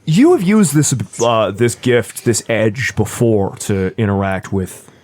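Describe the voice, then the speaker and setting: A man narrating as game master of a tabletop game in a casual, animated way. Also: on the low side, slow pace, dry recording.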